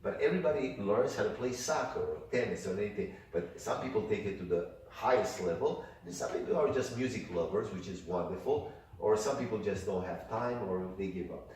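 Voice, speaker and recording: An older man teaching a music workshop, talking in an animated way and demonstrating rhythms with sung syllables. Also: on the low side, brisk. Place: indoor workshop room. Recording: echoey room from far off, faint noise.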